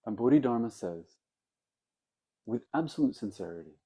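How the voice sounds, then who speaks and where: A Zen teacher with a low, mellow male voice gives a dharma talk. He tells old stories slowly and reflectively, pausing to let points sink in. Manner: reflective storytelling with pauses.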